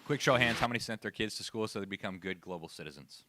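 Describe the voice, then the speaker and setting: A man giving a lively, sarcastic lecture to a live audience. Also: lowish voice, fast talker, no echo. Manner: sarcastic, animated, laughs at own asides. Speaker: speaker at education event.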